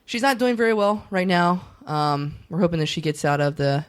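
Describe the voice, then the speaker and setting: A man's voice: sits high, lively intonation, moderate pace, a bit bright, clean tone. A man hosting a comedy podcast, giggling and laughing often as he talks. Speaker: podcast host.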